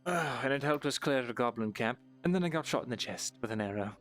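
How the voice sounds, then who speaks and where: A cautious scribe voiced by a man who hedges every sentence with ums and uhs. His pitch sits in the middle, and his delivery stays dry and understated. The scene is a live fantasy roleplay. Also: animated, fast talker, fairly bright tone, faint music behind, natural voice. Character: cautious male scribe, rule-bound and wry. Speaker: roleplay player.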